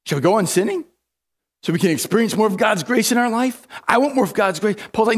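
High-voiced man preaching a sermon. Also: fast talker. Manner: emphatic, repeats words and restarts often. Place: church sanctuary.

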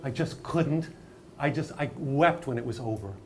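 Emphatic older acting teacher. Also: male voice, medium pitch, normal speed, a little hiss or hum. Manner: animated, emphatic, storytelling. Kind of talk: masterclass discussion.

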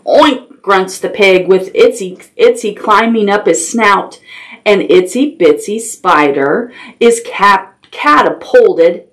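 A woman's voice: medium pitch, slow, a bit bright. A woman reading a picture book aloud to toddlers as a children's librarian, sing-song and playful, adding animal noises and sound effects.

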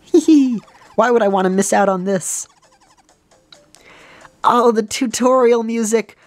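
A woman's voice: on the high side, steady tone, measured pace, dry recording. A woman hosting a let's play, chatting casually with giggles and self-deprecating asides. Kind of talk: casual gameplay commentary.

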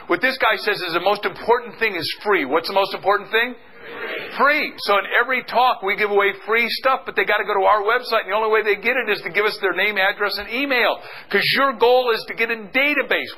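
Man, middle-aged, seminar speaker, energetic call-and-response, bright tense voice. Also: sits high, fast talker, low-quality recording. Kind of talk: motivational seminar talk.

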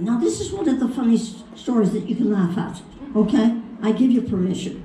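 A woman's voice: fairly high pitch, lively intonation, a little fast, mellow. An older woman, a voice actress, telling playful, theatrical anecdotes to a convention audience. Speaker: voice actress at a fan convention panel. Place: large convention hall. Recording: echoey hall, mic from far off, faint noise.

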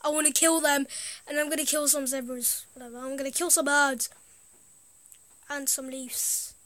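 A woman's voice: sits high, flat delivery, moderate pace, fairly bright tone, dry recording. A woman putting on a hungry cartoon fox. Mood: bloodthirsty.

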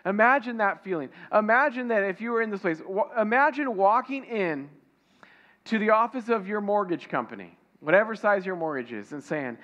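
A man's voice: high voice, lively intonation, brisk, fairly bright tone, muffled recording. A man preaching a conversational sermon, asking the congregation questions and acting out little dialogues. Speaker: pastor.

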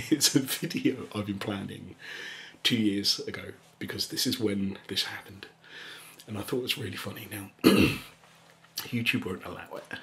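A man telling a rambling story in a soft, casual way, laughing often and slipping into whispers. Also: lowish voice. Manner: rambling and chuckling, drops into whispers. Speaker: ASMR channel host.

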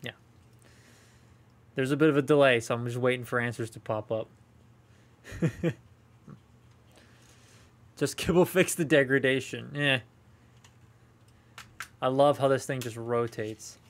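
Young male streamer, loose rambling chat with viewers, mid-pitch voice. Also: unhurried, long pauses. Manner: rambling and chatty, talking to live chat. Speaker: toy collector streaming a haul unboxing. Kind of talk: casual live unboxing chat.

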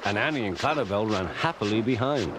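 A man's voice: lowish voice, brisk, heavy background noise. Liverpool man telling a children's story. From England. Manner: lively storytelling. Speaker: narrator. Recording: old VHS tape audio with music.

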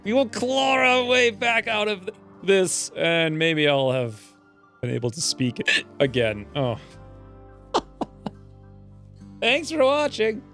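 A let's-play gamer with the hiccups talks slowly in a gravelly voice, leaving long pauses, while faint music plays behind him. Excitable by nature, he swings from quiet muttering about his moves to high-pitched yelps when his game goes badly.

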